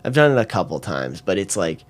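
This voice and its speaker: A man's voice: sits low, big pitch swings, fairly quick. A young man chatting casually as a podcast guest, rambling through stories with many filler words and bursts of laughter. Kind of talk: casual chat.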